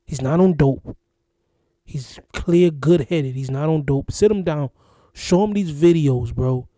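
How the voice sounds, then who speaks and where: Guy from florida reacting to a clip, rambly and repetitive, super warm dark voice, dry sound. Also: on the high side, a little slow, dry recording. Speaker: reaction channel host. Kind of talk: casual reaction commentary.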